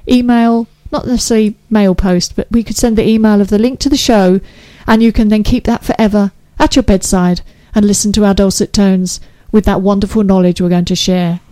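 A woman's voice: mid-range voice, dark tone. A woman presenting a live internet radio show from a small studio. She talks in a bubbly, gushing, chatty way and laughs easily. The sound is close and dry, with no room echo.

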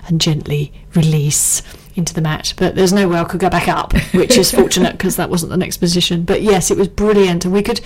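A middle-aged woman from England talks in a relaxed, rambling way, stopping for ums and side remarks. Her voice sits a little low. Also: brisk, hardly any pauses, husky, rough recording. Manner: chatty, rambling, lots of ums and asides. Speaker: guest. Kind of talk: casual chat.

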